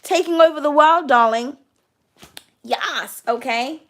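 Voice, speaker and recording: A woman's voice: sits high, takes it slowly, fairly bright tone. A young woman giving a casual tarot reading. She chats freely, keeps calling the listener "darling" and swears without holding back. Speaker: tarot card reader.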